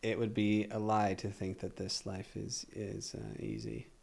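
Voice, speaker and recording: A man's voice: on the low side, flat delivery, unhurried, creaky, crowd noise. A young adult man, a podcast guest, telling a long story in a rambling way and acting out quotes. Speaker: podcast guest, singer and actor. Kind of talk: casual interview talk.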